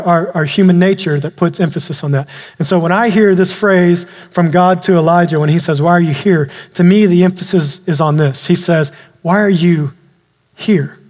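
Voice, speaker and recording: A man delivers an earnest sermon in a somewhat high voice, the sound ringing with the long reverb of a large church hall. He slows down and drops to a quiet, deliberate tone whenever he presses a point home. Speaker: preacher.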